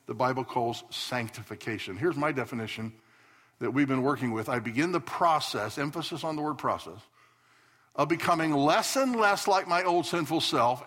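Man, pastor, emphatic church sermon, slightly high register. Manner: emphatic, swings between loud declarations and soft asides. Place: church sanctuary.

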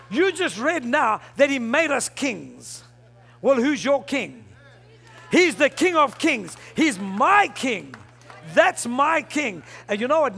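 A male pastor preaching a fervent sermon, often rising into shouts. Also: very high-pitched, vocal fry, breathy edge.

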